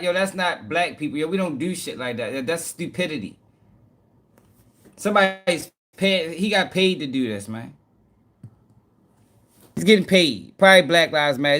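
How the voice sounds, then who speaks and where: Guy doing casual news reactions, swears constantly, gets all worked up, voice jumps all over. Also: fairly high pitch. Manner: profane, excitable, talks to viewers directly. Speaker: news commentary host.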